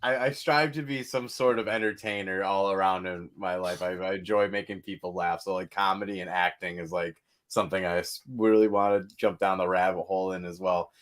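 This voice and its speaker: A man's voice: sits low, a little fast, hardly any pauses. Rambling young man telling road stories. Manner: rambling storyteller, swears, animated outbursts. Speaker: metal band vocalist, guest. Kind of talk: casual podcast chat.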